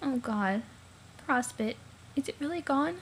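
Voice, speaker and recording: A woman's voice: high voice, lively intonation, unhurried, slight background noise. A woman voicing a tired, irritable teenage girl who talks bluntly. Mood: shaken.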